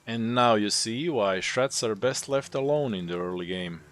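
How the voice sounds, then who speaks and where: A man's voice: on the low side, moderate pace, fairly bright tone. A man narrating the story of a game session, adding dry, teasing asides about the player.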